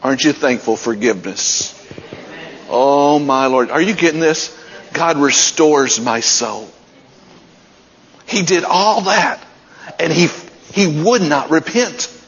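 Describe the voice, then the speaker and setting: A man's voice: a little high, expressive, takes it slowly, long pauses, a bit bright. A man preaching a sermon, retelling scripture stories with building intensity. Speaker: pastor. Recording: dull sound with long hall reverb.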